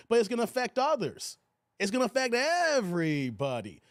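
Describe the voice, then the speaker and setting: Casting: high-pitched male stream host, animated, argues with chat, dry close sound. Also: brisk, no room sound. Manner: animated, talks back to chat, laughs often. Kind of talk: casual live stream commentary.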